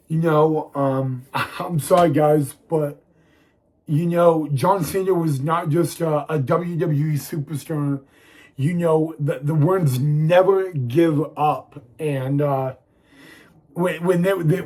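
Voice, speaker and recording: A young man hosting a wrestling vlog, talking haltingly to viewers with many restarts and near tears. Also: fairly high pitch, poor audio. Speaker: wrestling video host. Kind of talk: casual vlog talk to viewers.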